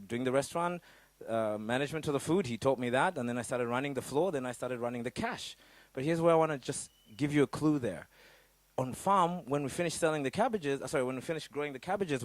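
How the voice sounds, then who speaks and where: A middle-aged man from Africa giving a motivational business workshop, swinging between loud high bursts and low quiet asides. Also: lively intonation, fairly quick, no room sound. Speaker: business coach.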